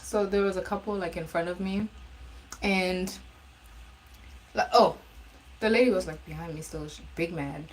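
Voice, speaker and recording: A woman's voice: fairly low pitch, normal speed, long pauses, a little hiss or hum, low-quality recording. A woman telling a storytime in a casual, blunt and profane way, rambling with restarts. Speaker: live streamer.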